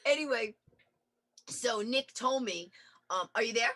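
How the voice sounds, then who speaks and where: A woman with a bright, forceful tone and a slightly husky grain tells stories to an interviewer in a remote call. She is animated and quick to jump into other people's voices. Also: on the high side. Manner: animated, acts out quoted voices. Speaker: interview guest, author. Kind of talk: lively anecdotal storytelling.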